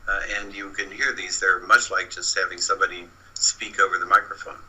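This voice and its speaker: A man's voice: low voice, level tone, brisk, pushed and bright, slightly rough, poor audio. A man who is a guest researcher, patiently explaining in an interview and often answering with short backchannels.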